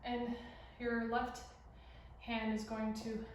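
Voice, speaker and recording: A young woman talks slowly and in a monotone, her voice on the high side, as she demonstrates a beginner dance routine. She counts, sings a few lyric lines, and is at times breathless during the casual tutorial. Picked up from a distance in a very echoey room, the audio carries a little hiss or hum.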